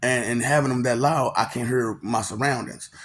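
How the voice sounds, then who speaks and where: Man, rambling monologue, laughs a lot, profane, loud then muttering. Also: mid-range voice, fairly even intonation, normal speed, slight background noise. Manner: makes mouth sound effects. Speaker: monologue host.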